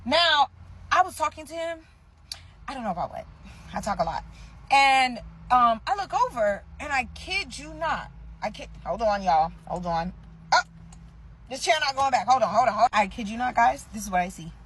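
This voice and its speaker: A woman in her twenties ranting through a storytime to her viewers, animated and profane. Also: fairly high pitch, normal speed, a little hiss or hum, poor audio. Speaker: vlogger. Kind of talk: casual storytime rant.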